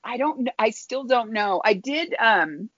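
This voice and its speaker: A woman's voice: a little high, animated, fairly bright tone, no room sound. Earnest woman telling her story, muffled. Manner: earnest, halting, restarts phrases. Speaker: guest. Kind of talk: personal storytelling in conversation. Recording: dull lo-fi dry recording.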